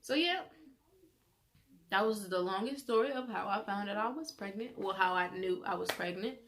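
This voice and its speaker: A teenage girl telling a personal story in a chatty vlog, animated as she quotes the people involved. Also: medium pitch, moderate pace, background noise. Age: teens. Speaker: vlogger.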